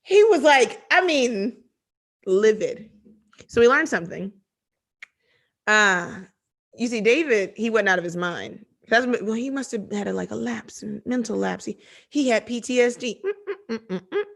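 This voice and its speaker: A woman teaching a conversational Bible study, reading scripture aloud and then explaining it with animated, chatty asides. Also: medium pitch.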